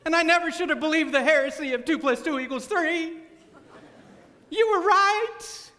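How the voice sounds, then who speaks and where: A man voicing an earnest young male student giving a halting, stammering testimony. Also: very high-pitched, steady tone, sharp tone, in a large hall, pitched above the performer's own voice, exaggerated voice. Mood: wailing.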